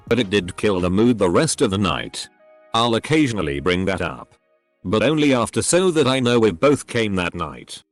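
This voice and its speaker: Low-voiced male story narrator. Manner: reads posts aloud, spelling out censored words. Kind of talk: scripted narration of online posts.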